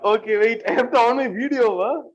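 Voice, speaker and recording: A man's voice: very high voice, brisk, no room sound, dull audio. A man on a video call, talking in a confident, joking way. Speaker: meeting participant. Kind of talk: casual chat.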